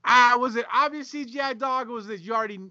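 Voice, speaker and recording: A man's voice: extremely high pitch, quick pace, sharp tone. A man co-hosting a podcast in casual chat, teasing and bantering in an easygoing way, with laughs. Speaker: podcast co-host. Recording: dull, lo-fi podcast audio.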